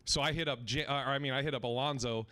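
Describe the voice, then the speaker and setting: A man's voice: medium pitch, fast talker, smooth. Man telling comedy-club stories. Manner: swearing, animated storytelling with acted-out quotes. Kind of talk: storytelling on a podcast.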